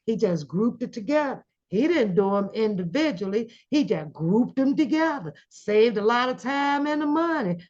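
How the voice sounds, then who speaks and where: A woman with a fairly high voice unspools the story at an unhurried, drawn-out pace. She slips into playful voices for the people she quotes, and the recording sounds dull and lo-fi. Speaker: commentary channel host. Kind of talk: casual drama commentary.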